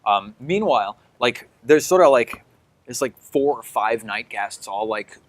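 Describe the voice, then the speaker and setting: Male game master, mid-pitched, rambling descriptive narration with lots of "like". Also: lively intonation, measured pace, dry recording. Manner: loose, filler-heavy description peppered with "like".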